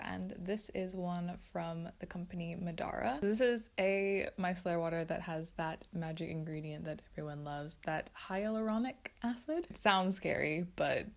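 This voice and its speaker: A woman's voice: on the low side, normal speed, gravelly, few pauses. A woman hosting a casual skincare favourites video, chatty and enthusiastic. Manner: chatty, enthusiastic, self-aware. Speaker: beauty vlogger.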